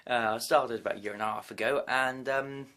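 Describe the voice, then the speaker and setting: A man who is a singer-songwriter guest, giving hesitant, halting interview answers over a video call. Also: medium pitch, fairly even intonation. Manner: hesitant, halting, trailing off quietly.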